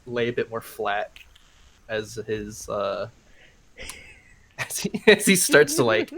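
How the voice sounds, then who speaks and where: A man's voice: mid-range voice, sing-song, takes it slowly, fairly bright tone, a little hiss or hum. Guy player in an rpg, easygoing, mid voice. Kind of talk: playing a tabletop game.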